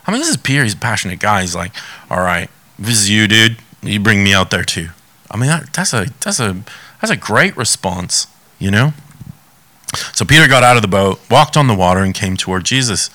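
A man preaching a sermon, reading scripture and asking animated rhetorical questions. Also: on the low side, brisk.

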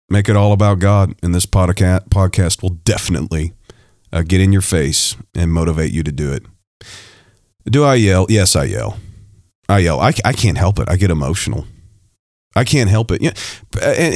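A man hosting a religious podcast, reading listener messages in casual, animated chat with frequent restarts. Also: low-pitched, no echo, studio quality. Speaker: podcast host and preacher.

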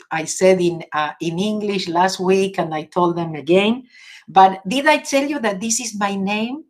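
Argentinian woman, unhurried livestream chat. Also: medium pitch. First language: Spanish. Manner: laughs often, chatty, earnest and encouraging. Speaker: livestream host. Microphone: device camera or phone.

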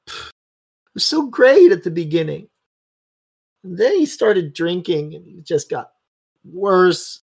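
A heartbroken young wife sobs in a high, breaking voice, as a man puts her on. Her words come in shaky bursts. The voice has a husky edge. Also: expressive, takes it slowly, long pauses, darkish tone, full character voice. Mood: weeping. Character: distraught young woman sobbing over her abusive husband.

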